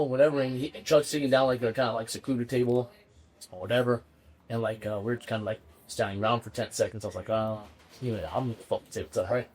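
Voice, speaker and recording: Husky guy spinning a story, loose and loud about it, laughs a lot and cusses. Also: mid-range voice. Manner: animated storyteller, acts out quotes, laughs often, swears casually. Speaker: family member of the football player, storyteller. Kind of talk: casual storytelling chat.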